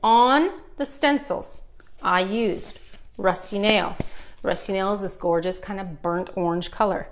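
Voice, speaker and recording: A woman's voice: medium pitch, unhurried, slight background noise. A middle-aged woman with a Canadian accent, giving a chatty, upbeat live furniture painting tutorial and talking straight to her viewers.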